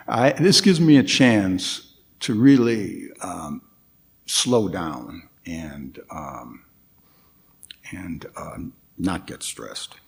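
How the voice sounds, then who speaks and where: A man with a somewhat low voice delivers a guest dharma talk at an easy, slow pace. His pitch moves widely as he explains, and he often pauses and restarts his phrases. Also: lively intonation, gravelly. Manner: hesitant, with frequent restarts and pauses.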